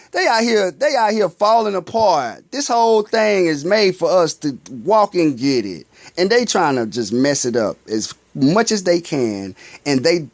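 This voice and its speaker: Lively man preaching in slangy talk. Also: a little high, dry recording. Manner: poses rhetorical questions and answers them himself; loose, slangy street talk. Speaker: spiritual vlogger. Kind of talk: casual spiritual monologue.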